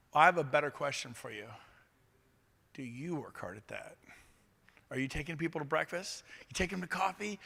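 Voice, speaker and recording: A middle-aged man giving an energetic, upbeat motivational talk at an event and firing questions at the audience. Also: sits high. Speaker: motivational speaker. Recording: reverberant hall.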